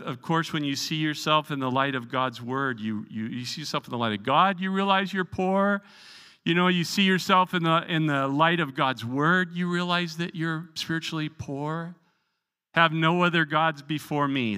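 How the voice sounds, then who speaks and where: Pastor, male, earnest and emphatic, restarts and repeats words while preaching. Slightly high, tense voice. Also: pushed and bright, clean tone, long reverb tail. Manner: earnest, emphatic preaching with frequent word repetitions. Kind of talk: Bible study sermon. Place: church sanctuary.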